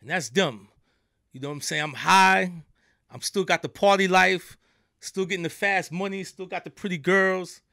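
A middle-aged New Yorker with a New York accent guests in a podcast studio, telling stories casually in loose street slang and often asking "you know what I'm saying." His voice is a bit high, gravelly, bright and forceful, at a moderate pace, with a dry, close recording.

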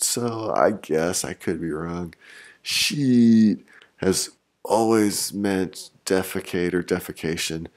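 A man's voice: deep voice, vocal fry. A middle-aged man and channel host talking in a casual, wry monologue with frequent restarts.

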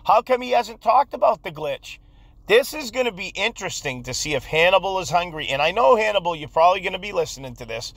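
A man's voice: high voice, sing-song, fast talker, fairly bright tone, no room sound. A man hosting his channel, delivering a heated commentary rant in an angry, insistent way, repeating himself. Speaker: channel host.

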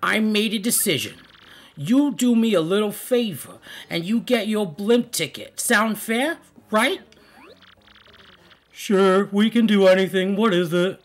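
A man doing a loud Italian-accented mob boss. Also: sits high, measured pace, pitched above the performer's own voice. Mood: scheming. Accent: put-on Italian mobster. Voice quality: loud, bossy tough-guy drawl. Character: gruff male mob boss, smooth and commanding.

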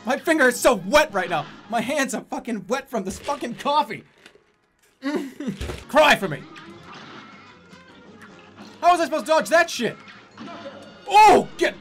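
A man streaming a video game, with casual commentary full of loud frustrated outbursts and cursing, who drops into quick mumbled asides while reading chat. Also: extremely high pitch, expressive, soft background music.

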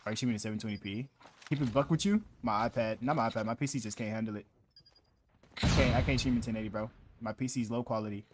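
A young man livestreaming a shooter game, talking to his chat in loose slangy banter that swings from mumbles to yells. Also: fairly low pitch, fast, noisy background. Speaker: streamer. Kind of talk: casual gaming livestream chat.

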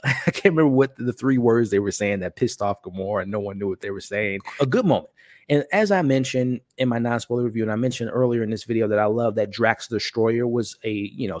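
A young man reviews a film in an easygoing, animated way at a middle pitch. He rambles through the plot and lifts his voice to play out quoted lines. The recording is close and dry, with no room sound. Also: no echo. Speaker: movie reviewer. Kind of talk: casual spoiler review talk.

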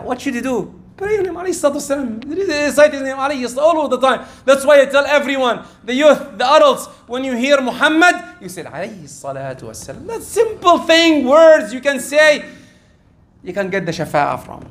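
Animated high-voiced male preacher. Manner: animated, repetitive, emphatic, often breaking into Arabic phrases. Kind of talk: sermon.

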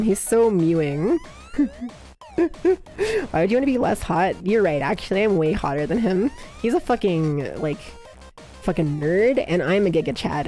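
Playing a guessing game on a live stream, this woman chats with plenty of excitement and profanity, breaking out in shrill shouts from time to time.

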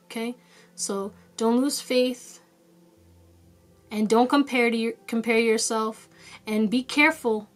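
A woman's voice: fairly high pitch, slow, long pauses. A woman giving a casual pick-a-card tarot reading to her viewers. She talks directly and encouragingly, repeats short commands, swears casually and laughs at herself. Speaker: tarot reader.

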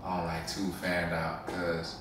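A deep-voiced young man talks in slangy, stammering bursts as a casual host. He sits far from the mic in a very echoey room with clear noise behind him. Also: monotone, unhurried. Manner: slangy, stammers on repeated words. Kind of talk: casual, explicit chat.

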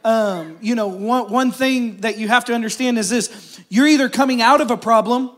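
A man's voice: very high voice, moderate pace. A man, preaching a conversational sermon to his church and calling out to the crowd. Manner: conversational preaching with crowd call-outs and jokes. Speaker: pastor. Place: church service.

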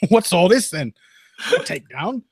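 A man doing a comic British police constable with a British accent, his voice pitched far above normal and drawn out slowly, sing-song and mock-suspicious. It sounds like a playful impression. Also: big pitch swings, husky, exaggerated voice. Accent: British (put-on).

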